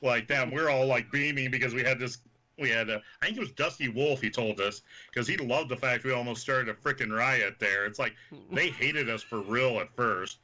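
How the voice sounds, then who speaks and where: Bright-voiced man telling wild stories. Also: mid-range voice, moderate pace. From Kansas. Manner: animated, swearing anecdotes full of quoted voices. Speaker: guest, professional wrestler. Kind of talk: casual storytelling chat.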